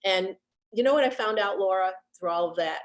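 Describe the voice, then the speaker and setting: A middle-aged woman, a guest on a video call, talking about grief in an earnest, halting way and repeating herself as she remembers. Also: mid-range voice. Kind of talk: heartfelt conversation about grief.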